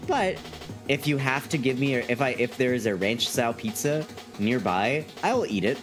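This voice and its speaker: A man's voice: mid-range voice, lively intonation, normal speed, music in the background. A man chatting casually on a live stream, reading chat aloud in a playful, rambling way and repeating himself.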